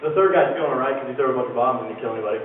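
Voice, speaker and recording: A man's voice: mid-range voice, racing. A man telling a goofy, rambling joke on stage at a live show, with many fillers. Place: live show venue, indoors. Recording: tinny, echoey live venue from far off, with background noise.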